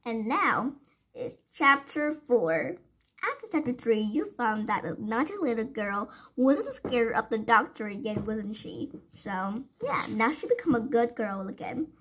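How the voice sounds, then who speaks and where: Woman storyteller, children's book read-aloud, high and very lively, breathy tone. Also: a little slow, low-quality recording. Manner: gentle, sing-song, asks listeners questions.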